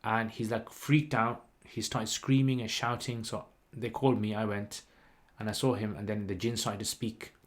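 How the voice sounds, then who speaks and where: A man, hosting a livestream and telling a story in a rambling, lively way with lots of fillers. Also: lowish voice, moderate pace, hardly any pauses. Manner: rambling, animated retelling with many "like" and "you know" fillers. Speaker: channel host.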